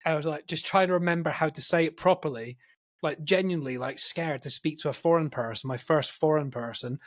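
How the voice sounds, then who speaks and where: Casting: podcast host, man, jokey rambling storyteller, slightly high voice. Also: a little fast, a bit bright. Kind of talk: casual podcast banter.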